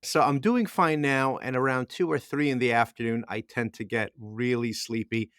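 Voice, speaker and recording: A middle-aged man co-hosts a casual podcast, rambling through a long story full of restarts and repeated words. His mid-range voice is steady and a bit bright at a normal speed. The recording is dry and of studio quality.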